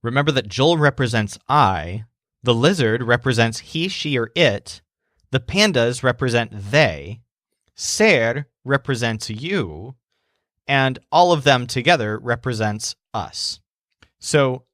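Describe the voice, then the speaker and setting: A man teaching a language lesson, telling a scripted mnemonic story and clearly explaining words and syllables. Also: mid-range voice, lively intonation, slow, a bit bright, dry recording, clean studio sound.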